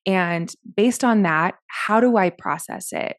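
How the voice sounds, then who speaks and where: A woman's voice: medium pitch, slow, no echo, clean studio sound. A woman co-hosting a podcast, explaining things in an earnest, thorough way. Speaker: podcast co-host. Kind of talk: casual podcast chat.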